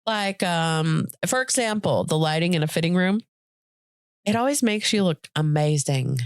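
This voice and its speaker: A woman co-hosting a podcast in casual chat, playful and quick to laugh. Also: fairly low pitch, animated, no room sound. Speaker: podcast co-host.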